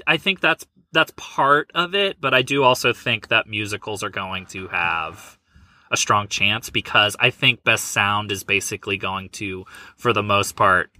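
A man co-hosting a podcast, chatting casually about film awards in a dry, teasing, measured way. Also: fairly low pitch, pushed and bright, dry recording. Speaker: podcast co-host.

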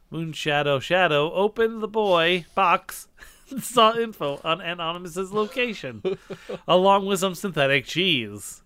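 A man's voice: a little high, bright, forceful tone, clean tone, dry recording. A man reading an old childhood story aloud, giggling at it as he goes. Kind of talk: comedic read-aloud with commentary.

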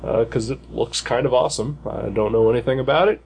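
Gravelly-voiced man rambling on a podcast. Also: medium pitch, fairly quick, darkish tone. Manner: rambling, hesitant, many fillers. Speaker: podcast co-host. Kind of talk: casual chat.

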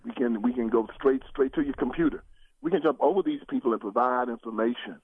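An older man talking politics as a guest, preacherly and emphatic, his pitch rising in big sweeps as he presses each point. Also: fast talker, husky, no echo. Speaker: guest commentator. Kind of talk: political talk show conversation. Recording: tinny phone line.

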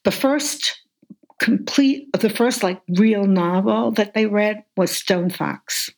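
A woman's voice: mid-range voice, slow, darkish tone. An older woman, a veteran reading teacher, talking enthusiastically in an interview and telling classroom stories with animation. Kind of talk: conversational interview.

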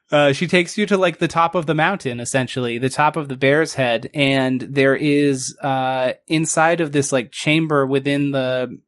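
A man narrating a tabletop game as game master, rambling and halting with many fillers. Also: medium pitch, steady tone, a bit bright, no room sound.

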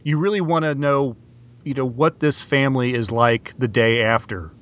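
Man, podcast co-host, casual, relaxed, filler words, dull recording. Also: medium pitch, moderate pace. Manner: relaxed, uses fillers, mimics actors' lines. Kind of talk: casual film discussion.

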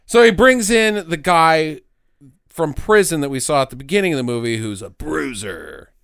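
A man co-hosting a casual podcast, recapping a movie in an animated way, swearing and acting out the characters' lines. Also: a little high, normal speed, creaky, clear, resonant tone, dry recording, studio quality. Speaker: podcast co-host recapping a film. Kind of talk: casual chat.

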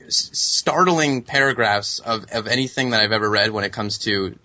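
A man's voice: fairly low pitch, moderate pace, bright, forceful tone, no room sound. A young man co-hosting a gaming podcast, delivering an emphatic, sardonic rant. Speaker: podcast co-host. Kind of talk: ranting commentary. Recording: dull lo-fi sound.

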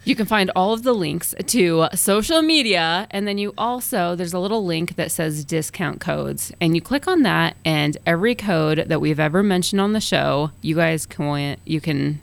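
A woman's voice: lowish voice, lively intonation, moderate pace, creaky, few pauses. A woman co-hosting a podcast, chatting in a casual, giggly way. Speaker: podcast co-host. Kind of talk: casual chat.

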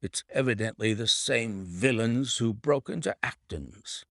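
A man's voice: mid-range voice, animated, measured pace, vocal fry, fairly bright tone, no echo, clean studio sound, exaggerated voice. A man voicing a hearty, offhand country colonel in an audiobook reading. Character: bluff, hearty country colonel, middle-aged.

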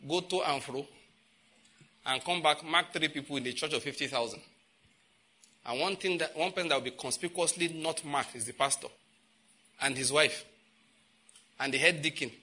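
A Nigerian-accented male preacher with a somewhat high, intensely sharp and forceful voice. He hammers home repeated phrases, drops into pidgin asides and bursts out loudly. The delivery stays emphatic throughout the sermon. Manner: emphatic, repeating phrases, with sudden loud outbursts.

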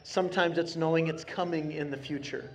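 A man preaching a sermon to his congregation in a church, talking in an earnest, conversational way and slowing down hard on key phrases. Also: fairly high pitch, fairly even intonation, a little hiss or hum. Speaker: pastor. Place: church sanctuary.

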